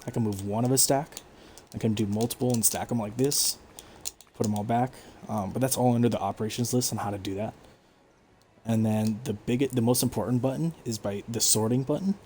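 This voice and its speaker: A man giving relaxed, explanatory commentary over his own gameplay stream, with frequent fillers. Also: mid-range voice, brisk, slight background noise. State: hiccups. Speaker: gaming streamer.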